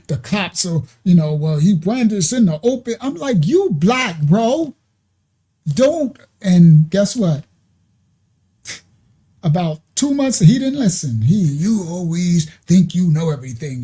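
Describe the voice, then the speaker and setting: A middle-aged man telling a story in an animated, rambling way, laughing and mimicking sounds. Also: high voice. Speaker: ministry speaker. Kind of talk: casual storytelling.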